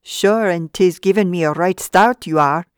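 A woman's voice: on the low side, normal speed, smooth, dry recording, studio quality, natural voice. A woman voicing a small, talkative male gardener with a lilting Irish brogue. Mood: chatty.

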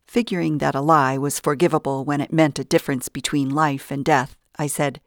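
Low-voiced woman narrating an audiobook. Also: steady tone, fairly quick, hardly any pauses, dry recording, studio quality. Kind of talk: first-person audiobook narration.

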